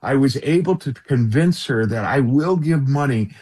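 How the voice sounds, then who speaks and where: Husky-voiced man telling a story earnestly. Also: medium pitch, lively intonation, moderate pace, a little mellow. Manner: earnest, keeps addressing the host by name. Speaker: radio interview guest.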